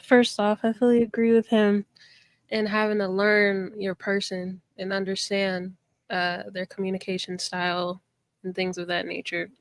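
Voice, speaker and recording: A woman's voice: mid-range voice, level tone, moderate pace, no echo. A woman in a casual podcast debate, firmly laying out her points one by one. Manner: firm, lays out her points step by step.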